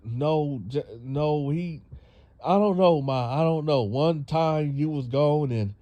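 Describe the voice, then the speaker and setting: A man's voice: on the high side, slow, warm tone, voice pushed up. A man voicing an upset teenage daughter who speaks hesitantly and whines. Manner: hesitant, whiny, stammering.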